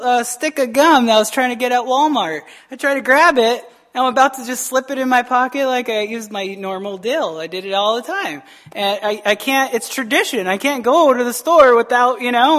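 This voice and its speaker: A man's voice: extremely high pitch, fairly bright tone. Male pastor, informal earnest sermon delivery, conversational with lots of audience check-ins. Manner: informal, often asks the listeners "right?"; earnest and plainspoken. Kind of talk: conversational sermon with personal testimony.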